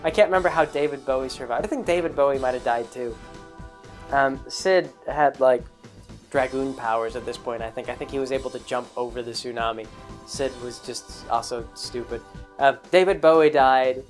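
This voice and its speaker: A man's voice: medium pitch, normal speed, faint music behind. A man hosting a podcast, casually telling a long story about a past role-playing game, rambling with many fillers and restarts. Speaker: podcast host.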